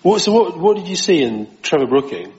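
A man's voice: sits high, very animated, a little fast, darkish tone, lo-fi sound. A man interviewing a guest in a radio studio, asking short probing questions.

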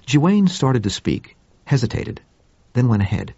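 A man's voice: mid-range voice, big pitch swings, unhurried, mellow, slightly rough, dry recording, lo-fi sound. A man reading a story aloud in a lyrical, descriptive style as an audiobook narrator. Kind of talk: scripted narration.

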